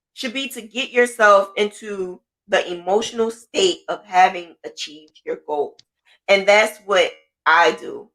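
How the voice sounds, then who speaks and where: A woman hosting a podcast in a casual monologue. She talks in a chatty, motivational way with frequent fillers, and her voice jumps up in excitement when she quotes her own thoughts. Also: medium pitch. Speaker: podcast host.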